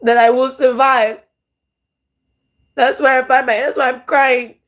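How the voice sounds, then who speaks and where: A woman's voice: sits high, level tone, measured pace, a bit bright. Raw, rambling woman vlogger venting. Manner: raw, rambling and profane, with many restarts. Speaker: tarot vlogger. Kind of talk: emotional monologue to camera.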